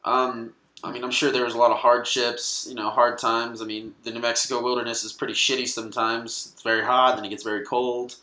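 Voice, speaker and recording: A man rambles through casual podcast talk, swearing and laughing as he goes. His voice is bright and clear, with the room's echo around it. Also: mid-range voice, little pitch movement, a little fast. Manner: rambling, profane, laughing often. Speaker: comedian guest.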